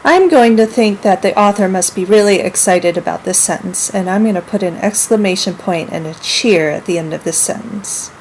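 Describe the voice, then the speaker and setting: A woman teaching a lesson to young children, speaking clearly and acting out example sentences with lively expression. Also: medium pitch, normal speed, few pauses, noisy background. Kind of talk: model classroom minilesson.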